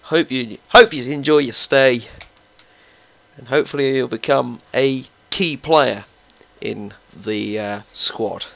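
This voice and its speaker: A young man giving casual, excitable commentary while playing a football video game and talking to his players. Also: mid-range voice, slow pace, creaky, rough recording. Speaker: gaming YouTuber. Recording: faint background music.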